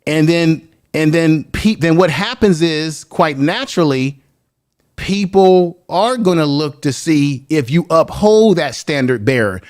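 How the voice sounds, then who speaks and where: A man arguing on a heated online panel, emphatic and pressing to finish his point, then building his case slowly. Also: fairly high pitch, animated, a little mellow, no room sound, clean studio sound. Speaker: panel guest.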